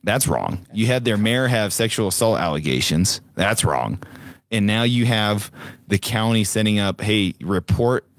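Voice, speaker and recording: A man's voice: lowish voice, lively intonation, normal speed, no room sound, clean studio sound. A man co-hosting a casual political talk show, emphatic and repetitive, with many fillers. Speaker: podcast co-host.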